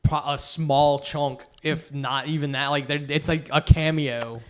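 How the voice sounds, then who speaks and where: A man's voice: on the high side, steady tone, unhurried, fairly bright tone, clear, resonant tone. A man co-hosting a podcast, chatty and opinionated, with lots of fillers. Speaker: podcast co-host. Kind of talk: casual chat.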